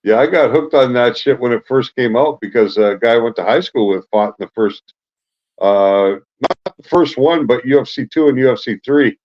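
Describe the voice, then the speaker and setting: A man's voice: medium pitch, normal speed, a little hiss or hum. A middle-aged man co-hosting a casual chat, talking at length and telling anecdotes from his apartment. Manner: chatty, tells long anecdotes. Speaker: co-host. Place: apartment at home. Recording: slightly muffled lo-fi sound.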